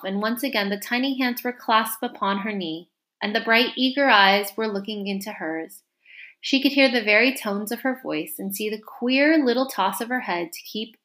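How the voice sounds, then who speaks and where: A woman reading a classic storybook aloud in an expressive, animated narration. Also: a little high.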